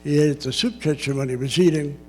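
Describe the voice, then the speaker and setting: An older man speaks in a measured, reflective way, slipping in the occasional dry aside. His voice sits a little higher than most men's, with faint music underneath. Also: a little mellow. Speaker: public speaker. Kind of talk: personal storytelling talk.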